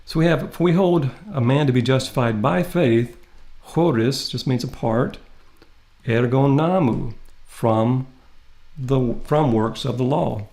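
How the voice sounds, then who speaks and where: Guy teaching greek grammar, steady mid voice, reads the greek out slow. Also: medium pitch, gravelly. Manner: methodical, reads Greek aloud slowly. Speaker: Greek instructor. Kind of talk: classroom lecture.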